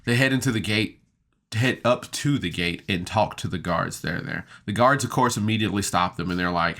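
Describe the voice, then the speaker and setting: Recapping a tabletop game episode for a podcast, this reviewer is casual and excited, full of laughs and fillers. His lowish, slightly bright voice moves at a moderate pace.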